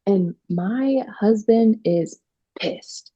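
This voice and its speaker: A woman attorney telling stories in a casual interview, animated, quoting herself and using many fillers. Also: mid-range voice, extremely slow, highs cut off. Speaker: trademark attorney guest.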